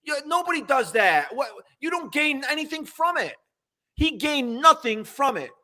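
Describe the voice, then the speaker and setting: An older man co-hosting a casual sports talk show, ranting in an animated, mocking way. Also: very high voice, moderate pace.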